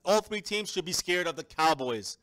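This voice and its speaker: A man hosting a casual live-stream sports chat, energetic and emphatic, often calling out to viewers. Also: fairly high pitch, normal speed. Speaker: fan show host.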